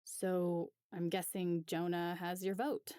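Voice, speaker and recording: A woman's voice: lowish voice, flat delivery, slow, mellow, clear, resonant tone, no echo, clean studio sound. A woman voicing a confident young woman drummer with a wry manner.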